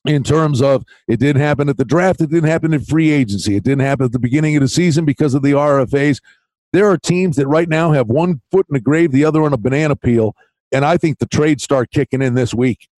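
A man's voice: on the high side, fast, darkish tone, no room sound. A man hosting a podcast, chatting casually and making folksy wisecracks. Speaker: podcast host. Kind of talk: casual chat.

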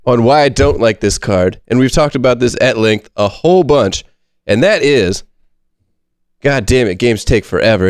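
A man talks through his opinion in a relaxed, rambling way, with the odd curse. His voice is mid-pitched and recorded dry and close. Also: dry recording. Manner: relaxed, rambling, and a little profane. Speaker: podcast co-host. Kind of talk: casual chat.

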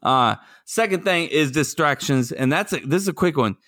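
A man's voice: a little high, animated, moderate pace, a bit bright, dry recording, studio quality. A man in his thirties, a podcast co-host telling playful, jokey dad stories in casual chat.

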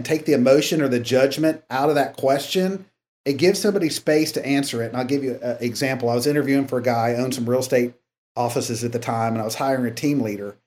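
A man's voice: medium pitch, a little fast. A man who is a guest on a podcast, telling stories casually and acting out the dialogue. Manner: animated storyteller acting out dialogue. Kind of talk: casual interview storytelling.

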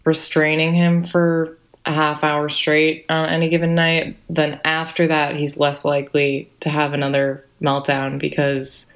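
A woman, a mother, co-hosting a casual chat, easygoing and quick to laugh. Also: low voice, completely flat delivery. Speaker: podcast co-host and mother.

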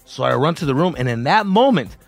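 A man telling a wild personal story in casual podcast chat, animated and profane, acting out other people's lines in a raised voice. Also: a little high, fast, creaky. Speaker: podcast guest.

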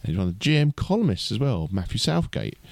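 A podcast co-host with a lowish, vocal-fry voice swings widely in pitch and talks quickly in a dry recording. He rambles through the casual chat with lots of fillers and restarts.

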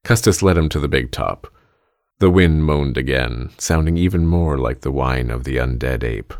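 A man narrating a fiction story in a measured, steady reading. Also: extremely low pitch, no echo, clean studio sound.

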